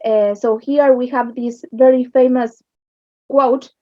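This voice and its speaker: A woman with an Argentine accent teaching English literature, explaining slowly and checking understanding with "yes?". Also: on the high side, fairly even intonation, warm tone, no echo. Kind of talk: recorded online lesson. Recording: dull lo-fi sound.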